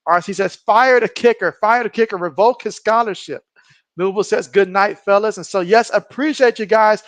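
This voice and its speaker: Male streamer host, high-pitched, dry mic, casual play-by-play and chat reading. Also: moderate pace, dry recording. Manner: reads viewer comments aloud, excitable on big plays.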